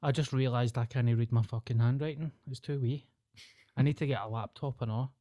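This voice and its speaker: A man's voice: mid-range voice, fairly even intonation, fairly quick, warm tone, no echo, clean studio sound. A Scottish man in his thirties with a Glasgow accent, hosting a podcast in sweary, self-mocking casual chat. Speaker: podcast host.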